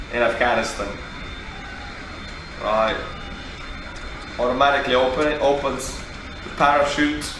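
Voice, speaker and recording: A man with an Estonian accent commenting on a reaction video, joking and mocking, with sudden startled outbursts. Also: medium pitch. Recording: very echoey room, mic at a distance, music behind.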